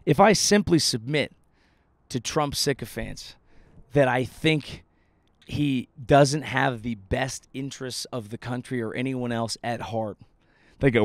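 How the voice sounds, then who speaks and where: A man's voice: medium pitch, a little slow, no room sound, studio quality. A man in his thirties, a comedian hosting his podcast, delivering a profane and sardonic rant from outdoors by a lake. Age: 30s.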